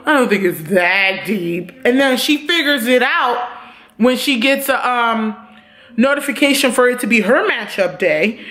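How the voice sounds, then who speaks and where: A young woman casually reviewing a TV series, talking in animated, profane bursts that swing between loud outbursts and quick asides. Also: a little high. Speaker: TV review vlogger.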